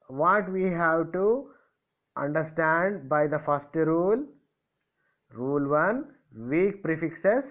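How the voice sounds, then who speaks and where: A man from India teaching a grammar lesson, spelling out letters and asking and answering his own questions. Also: a little high. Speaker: English teacher. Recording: tinny phone-like audio.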